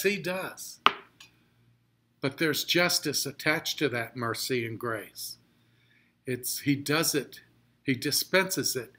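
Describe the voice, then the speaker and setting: A pastor teaching a Bible study, reading scripture slowly and explaining it with emphatic repetition. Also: male voice, mid-range voice, pushed and bright.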